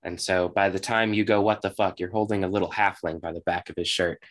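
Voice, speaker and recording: A man narrating as game master, relaxed and halting with many fillers. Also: deep voice.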